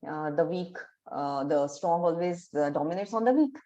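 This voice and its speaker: A woman with an Indian English accent voicing a worldly-wise female bird in a spoken fable, talking in a halting way with fillers. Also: low voice, lively intonation, mellow, muffled recording. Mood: resigned. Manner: plain storytelling voice with halting fillers.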